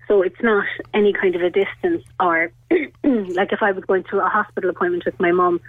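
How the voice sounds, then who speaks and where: A woman's voice: on the low side, fairly even intonation, fairly quick, dry recording. Irish woman talking over a phone line. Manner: chatty and rambling, full of "like" and "you know". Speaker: radio caller. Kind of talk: telling a personal story on a call-in show.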